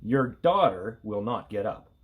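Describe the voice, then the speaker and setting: A man's voice: lowish voice, lively intonation, unhurried, slightly rough. A man voicing a stern father in a children's story, firm and grumpy.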